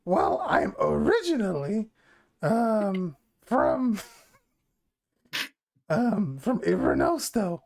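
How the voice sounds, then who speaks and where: A shy goblin woman, once a scholar and now a worshipper, answers questions slowly and hesitantly, as a game master puts her on. Her speech is full of halting pauses. The voice carries a gravelly rasp. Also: mid-range voice, huge pitch swings, a little mellow, full character voice. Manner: slow, halting, full of ums.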